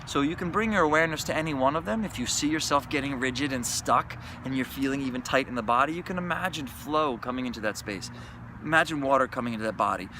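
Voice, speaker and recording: A man's voice: medium pitch, fast, background noise. A man speaking as a yoga teacher in an earnest, emphatic monologue, swearing freely. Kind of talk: reflective podcast monologue.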